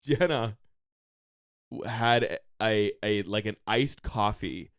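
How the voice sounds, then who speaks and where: A man's voice: fairly low pitch, slow pace, fairly bright tone, clean tone, no echo, clean studio sound. A young man co-hosting a podcast, rambling casually with lots of fillers. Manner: rambling, filler-heavy, easygoing. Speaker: podcast co-host. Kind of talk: casual chat.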